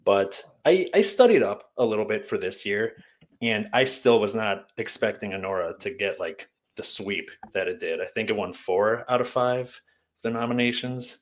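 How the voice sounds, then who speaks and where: A man joins a casual livestream as a guest over a video call. He is easygoing and talks through his views. His voice sits somewhat low. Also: moderate pace.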